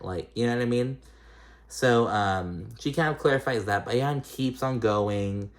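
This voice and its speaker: A man giving a casual, chatty recap of a reality TV episode, blunt and full of fillers, his pitch jumping up suddenly. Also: moderate pace. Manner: chatty, filler-heavy and blunt, with frequent swearing; animated, with sudden jumps up in pitch.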